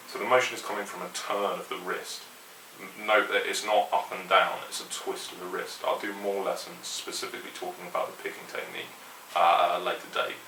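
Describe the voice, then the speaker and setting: A man giving a metal guitar lesson, explaining rhythms in a relaxed, opinionated way and counting along to the click. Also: sits low. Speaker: guitar teacher. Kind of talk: instructional explanation. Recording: roomy echo, mic at a distance, faint hiss.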